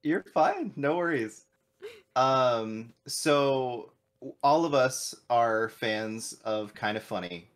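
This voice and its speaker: A man co-hosting a podcast, relaxed and friendly. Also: medium pitch, slow pace. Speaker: podcast co-host. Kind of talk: casual podcast chat.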